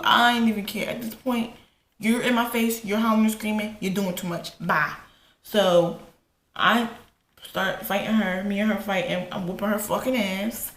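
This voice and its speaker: A woman vlogger casually telling a personal story while getting ready, animated and profane, acting out quotes. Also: normal speed. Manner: animated, profane, retells quotes with rising pitch. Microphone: camera in front. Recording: echoey room with faint ambience.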